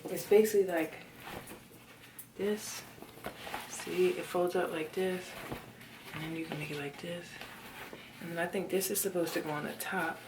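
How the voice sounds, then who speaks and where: A woman's voice: fairly low pitch, moderate pace, pauses often, noisy background. Chatty young woman vlogging in her bedroom. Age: 20s. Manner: expressive, talks to viewers as y'all, drops into whispers. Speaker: lifestyle vlogger. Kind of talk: casual chatty vlog talk to the camera. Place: bedroom at home, indoors.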